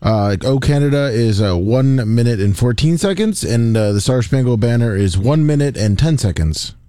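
Mellow-voiced male co-host. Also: medium pitch, expressive, moderate pace, no room sound, clean studio sound. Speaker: radio co-host. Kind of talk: casual talk radio chat.

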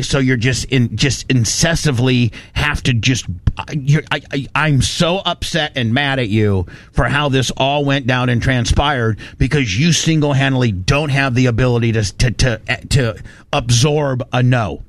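A man hosting a radio talk show, telling a story in animated bursts and ranting with lots of restarts. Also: medium pitch, moderate pace, no echo. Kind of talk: casual talk radio banter.

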